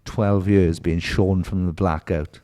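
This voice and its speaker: A man's voice: deep voice, steady tone, slow pace, mellow. A middle-aged man with a Welsh accent from Merthyr Tydfil, a podcast guest telling stories in casual chat, swearing freely and acting out the voices of people he quotes. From Wales.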